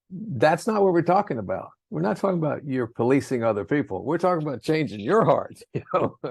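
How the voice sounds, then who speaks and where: Gravelly husky man giving an earnest spiritual talk. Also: mid-range voice, a little mellow, no echo. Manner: earnest, rambling, acts out quotes in raised voices. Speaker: speaker in a spiritual talk series.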